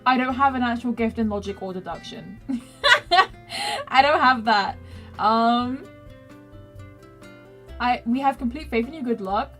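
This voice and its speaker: A woman's voice: fairly high pitch, measured pace, long pauses, fairly bright tone, faint music behind. A young woman streamer chatting casually while playing a story game, giggling often and teasing herself as she reads game text aloud. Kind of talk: casual gaming commentary.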